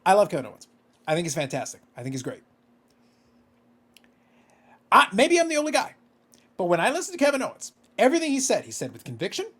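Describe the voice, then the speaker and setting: Lively ranting man on a podcast. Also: sits high, quick pace, long pauses, breathy edge. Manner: ranting, exasperated, profane. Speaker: podcast co-host. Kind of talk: casual podcast chat.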